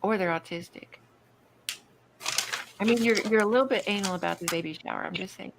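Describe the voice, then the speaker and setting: A woman's voice: mid-range voice, fairly quick, vocal fry, background noise. A woman in a casual group chat, teasing her friends with a wry tone.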